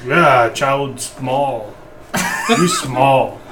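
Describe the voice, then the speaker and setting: A man voicing a dim-witted, hungry brute warrior who talks in slow, blunt caveman grammar. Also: medium pitch, far from the mic, very noisy, voice pushed down. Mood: stubborn.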